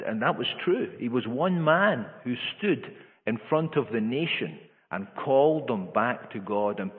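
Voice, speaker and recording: A man preaching a sermon in an earnest way, his voice rising higher and louder for emphasis, with frequent restarts. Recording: echoey hall over a tinny lo-fi line.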